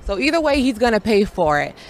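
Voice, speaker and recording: A woman's voice: mid-range voice, big pitch swings, fast talker. A woman answering street interview questions in a brash, boastful, slangy way. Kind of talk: casual street chat.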